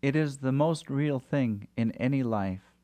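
A man's voice: mid-range voice, unhurried, mellow. A man hosting a Christian talk conversation, affirming and reflective. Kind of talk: christian talk show chat.

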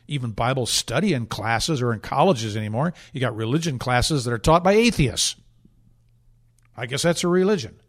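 A man delivers pointed political commentary, his voice sitting a little higher than most men's. He is sarcastic and indignant, hammering points home through repetition. He often restarts and circles back mid-sentence. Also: darkish tone. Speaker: talk show host.

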